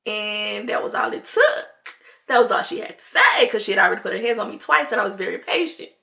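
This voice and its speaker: A young woman vlogger telling a story in a casual, animated way, full of "like" and acted-out quotes. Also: mid-range voice, fairly quick, gravelly. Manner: animated, chatty, heavy use of "like", acts out quotes.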